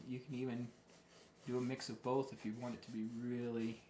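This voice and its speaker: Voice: mid-range voice, little pitch movement, brisk, dark tone, slight background noise. A painting instructor teaching a live tutorial in a chatty, encouraging way, often restarting sentences. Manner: chatty, self-correcting, encouraging. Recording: roomy, echoey room.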